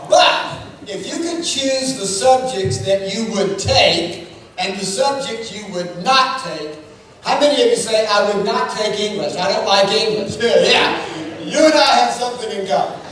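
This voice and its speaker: A man doing an animated stand-up comedy routine, drawing out lines and breaking into shouted sound effects. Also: sits high, unhurried. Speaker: comedic speaker on stage. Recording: echoey hall from far off, noisy. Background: audience laughter.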